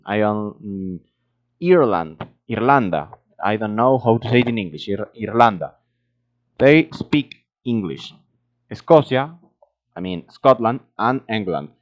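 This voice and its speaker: In this dull lo-fi home recording, a language-learner vlogger whose first language is Spanish delivers a relaxed monologue on his own. His voice sits on the low side, and he speaks slowly, stumbling over words with plenty of fillers.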